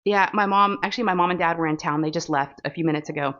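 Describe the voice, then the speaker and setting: A woman's voice: fairly low pitch, fast, fairly bright tone. A woman with a Texan accent, chatting casually and rambling with fillers as she hosts a crafting vlog. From Texas. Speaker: crafting channel host. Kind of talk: casual chat while diamond painting. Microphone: phone. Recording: dull lo-fi phone recording.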